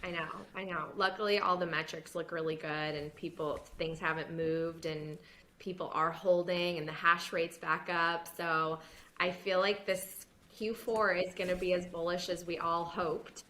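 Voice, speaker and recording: A woman and former news reporter, now a podcast host, talking casually in an interview, animated and laughing often. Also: on the low side, moderate pace, a little hiss or hum. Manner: animated, laughs often, mimics others in quotes.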